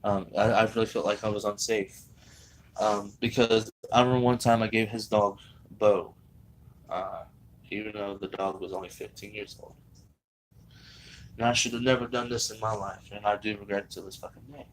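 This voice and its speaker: A man's voice: on the low side, fairly even intonation, moderate pace, a little hiss or hum, poor audio. A man telling a personal story in a rambling, profane way, full of fillers and restarts. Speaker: vlogger telling his life story.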